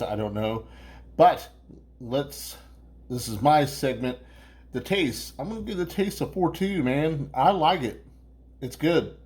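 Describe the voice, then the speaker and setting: A man's voice: medium pitch, a little mellow. A man hosting a casual beer review vlog, rambling and swearing, with lots of restarts.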